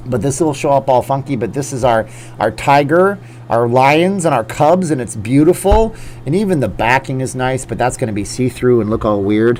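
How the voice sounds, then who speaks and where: A man in his forties hosts a live chat Q&A in front of a green screen, picking up viewer comments and answering them off the cuff. His voice sits at an ordinary middle pitch and his talk stays loose and chatty. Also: a little hiss or hum. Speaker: livestream host. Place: indoor green screen setup.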